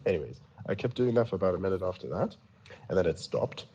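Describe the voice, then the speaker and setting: A man with a low, husky voice telling stories in a loose, rambling way. He stammers and restarts his sentences often. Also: expressive, quick pace, mellow, dull audio. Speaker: storyteller in a voice chat. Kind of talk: casual storytelling.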